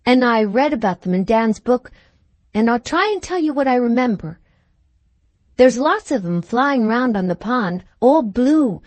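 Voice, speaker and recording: A woman's voice: on the high side, darkish tone, no room sound. A woman voicing an earnest little boy eagerly explaining what he has seen, in plain country speech, in a storybook reading.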